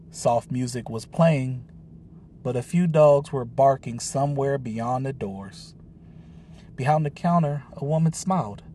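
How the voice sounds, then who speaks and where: A man narrating a children's story in a calm, unhurried audiobook reading. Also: medium pitch, a little hiss or hum.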